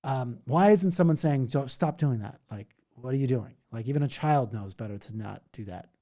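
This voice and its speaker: A man's voice: mid-range voice, moderate pace, dark tone. Rambling, laughing male streamer. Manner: rambling, laughing, mocking impressions. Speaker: livestream host. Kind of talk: casual chat reacting to viewer comments.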